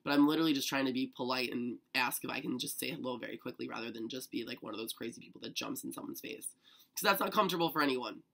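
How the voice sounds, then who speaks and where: A young man chatting to camera, eager and excitable, packing his talk with "like". His voice has a gravelly fry under it and a bright, tense tone. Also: medium pitch, fast talker. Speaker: vlogger. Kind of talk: casual storytelling to camera.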